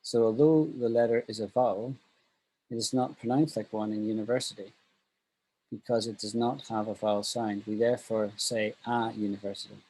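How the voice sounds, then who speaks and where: A man teaching an online English class, upbeat and thinking out loud as he explains. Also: medium pitch, steady tone, moderate pace, slightly rough, low-quality recording.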